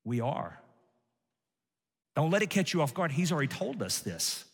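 A man's voice: fairly high pitch, very animated, normal speed, breathy edge. Man, pastor, emphatic preaching, reverberant hall. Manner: emphatic preaching with audience asides. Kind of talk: sermon.

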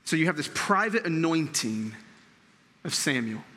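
A man's voice: a little high, sing-song, measured pace, bright, forceful tone, long reverb tail. A man preaching a sermon in a conversational way, checking in with his listeners and often repeating words as he thinks. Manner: conversational preaching with frequent check-ins to the audience. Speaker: pastor.

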